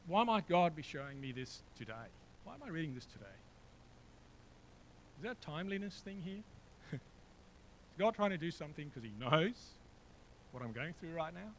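A man with a slightly high voice preaches to his church in an easygoing, talk-to-you way. He often stalls on little fillers and restarts, then drifts into friendly asides. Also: animated, moderate pace, pauses often, a little hiss or hum, poor audio. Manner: conversational, with frequent fillers and asides. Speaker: pastor. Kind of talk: sermon. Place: church hall with a slideshow.

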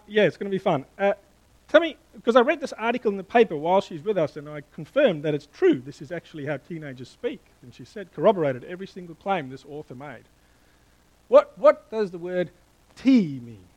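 Middle-aged male pastor, high voice, lively sermon delivery with quick questions to the congregation. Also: poor audio. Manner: animated, playful with the congregation, asking questions.

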